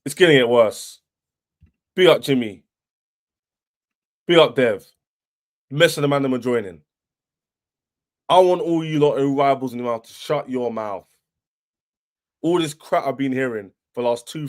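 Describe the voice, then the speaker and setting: A young man hosting a football fan livestream, boastful and taunting, repeating himself as he rants. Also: mid-range voice. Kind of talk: livestream rant.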